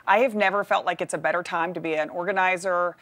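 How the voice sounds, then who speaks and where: A woman with a Texas accent and a fairly low voice speaks as a studio guest. She answers confidently and in an upbeat way, often with a light laugh in her voice. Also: steady tone, fast talker, fairly bright tone. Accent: Texan. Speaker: talk show guest, activist. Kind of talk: interview answers.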